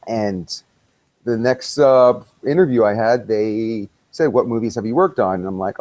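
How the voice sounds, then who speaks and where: A man's voice: lowish voice, moderate pace, darkish tone, low-quality recording. A middle-aged man telling a story in a casual interview, acting out quoted dialogue and laughing often. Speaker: podcast guest, visual effects artist.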